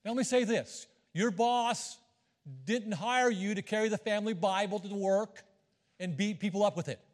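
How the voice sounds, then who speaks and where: A high-pitched middle-aged man preaching in a church sanctuary, his voice trailing off into a long hall reverb. He keeps things folksy and conversational, teasing the congregation between points. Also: moderate pace. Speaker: visiting missionary preacher. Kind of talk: sermon.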